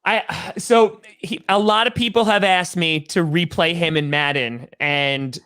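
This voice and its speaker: A man in his thirties from New York, an upbeat podcast guest chatting casually and repeating himself when excited. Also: fairly high pitch, a little slow, clean tone, dry recording. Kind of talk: casual chat.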